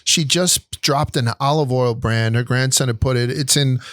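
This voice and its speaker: A man's voice: mid-range voice, normal speed, fairly bright tone, no room sound, studio quality. A man hosting a casual food chat, enthusiastic and joking, swearing freely. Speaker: host.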